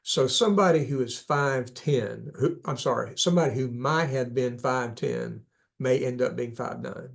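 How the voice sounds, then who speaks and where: A man's voice: mid-range voice, moderate pace, gravelly. A man who works as a clinician, giving a conversational talk to parents and adults, correcting himself often and adding asides. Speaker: speaker on ADHD, clinician. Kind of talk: casual lecture.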